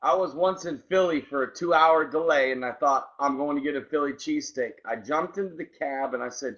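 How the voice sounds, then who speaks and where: A man's voice: a little high, brisk, few pauses, a bit bright. A male co-host in casual chat who enthusiastically greets listeners by name. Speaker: podcast co-host. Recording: dull lo-fi sound.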